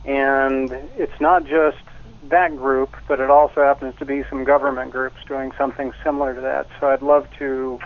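Man, radio caller, measured and deliberate, phone-line audio. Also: medium pitch, little pitch movement. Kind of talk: casual phone conversation. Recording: narrow telephone line.

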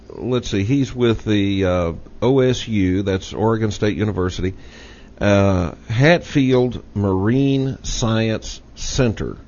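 Speaking with a Texas accent in a lowish, somewhat mellow voice, a man hosts a casual talk radio show. He makes his points in a folksy, emphatic way and keeps repeating them, all heard through dull lo-fi radio audio with a faint hiss.

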